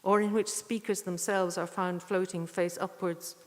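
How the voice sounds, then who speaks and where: A woman's voice: lowish voice, little pitch movement, normal speed. Earnest woman reading poems in a church. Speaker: poetry reader at a tribute evening. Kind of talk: poetry reading with spoken introductions. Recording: echoey church hall.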